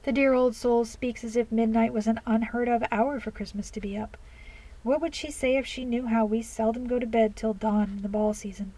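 Female narrator voicing a worldly young society lady, high and theatrical, mellow tone. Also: steady tone, moderate pace, close to an everyday voice. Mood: amused. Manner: exclaiming, theatrical dismay. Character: fashionable young society woman, dramatic and worldly.

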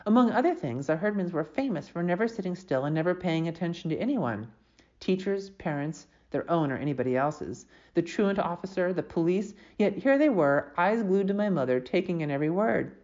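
A woman reading a storybook aloud with lively, expressive narration. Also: lowish voice, brisk, lo-fi sound.

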